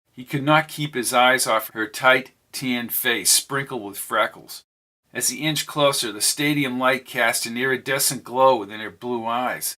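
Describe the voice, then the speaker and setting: A man giving a steady, descriptive audiobook narration. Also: mid-range voice. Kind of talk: scripted narration.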